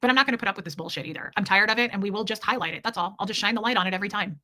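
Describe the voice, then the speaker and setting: Fast-talking bright-voiced woman livestreamer. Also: medium pitch. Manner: blunt, indignant, repetitive emphasis. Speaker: livestream host reading chat. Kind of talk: casual livestream talk.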